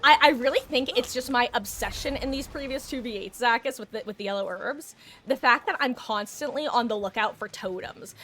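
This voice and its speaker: A woman's voice: a little high, bright, forceful tone, slight background noise. Giggly woman streaming a game. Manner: chatty and self-mocking, laughs often. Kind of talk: live gameplay commentary.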